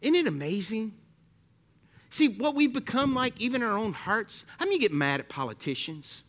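Southern pastor guy preaching, high voice, goes big then drops to a quiet prayer. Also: a little fast. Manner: animated preaching, swinging from loud to hushed prayer. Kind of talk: sermon.

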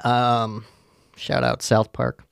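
A man's voice: medium pitch, monotone, extremely slow, vocal fry, clear, resonant tone, no room sound. A man with a profane, sarcastic manner, rambling through a casual solo rant as a podcast host.

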